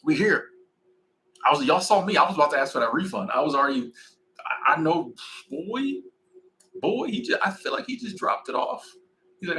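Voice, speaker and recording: A man in his forties chatting casually on a livestream, rambling and animated. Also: a little high, fairly quick, long pauses, low-quality recording. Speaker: livestream host.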